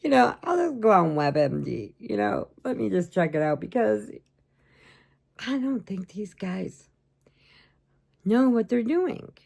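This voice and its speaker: A woman chatting in a slow, unhurried way with a gravelly, creaky edge to her voice. She rambles from one story to the next as she shows off her happy mail, laughing often. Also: medium pitch, big pitch swings, darkish tone. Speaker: crochet channel host. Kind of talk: casual chat showing happy mail.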